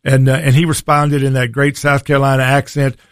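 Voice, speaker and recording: Folksy talk radio host, dry sound. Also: male voice, medium pitch, little pitch movement, fairly quick, clean tone, no room sound. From Tennessee. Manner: folksy, combative opinion delivery.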